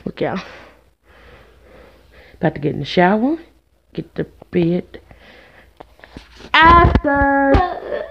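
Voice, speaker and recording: A woman's voice: on the low side, expressive, measured pace, creaky, long pauses, highs cut off, slight background noise. A woman in her twenties chatting casually to her viewers in a vlog, calling them "y'all" again and again. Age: 20s. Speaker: vlogger, single mother. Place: at home.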